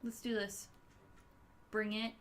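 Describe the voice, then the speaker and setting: A woman giving excitable live commentary as she streams a video game, gasping and yelping at what happens on screen. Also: mid-range voice, slow.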